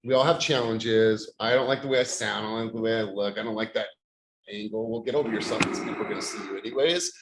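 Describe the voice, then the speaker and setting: A man's voice: lowish voice, fast, echoey room, a little hiss or hum, rough recording. Blunt, upbeat man coaching a room. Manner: blunt, upbeat, swears casually. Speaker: real estate coach leading a workshop. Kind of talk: motivational workshop talk.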